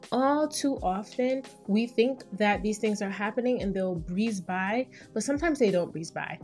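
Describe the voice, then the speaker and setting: A woman's voice: mid-range voice, a little mellow. Woman, thirties, therapist hosting a podcast, candid, playful, faint music behind. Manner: candid, playful, acts out quoted voices. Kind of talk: casual solo podcast talk.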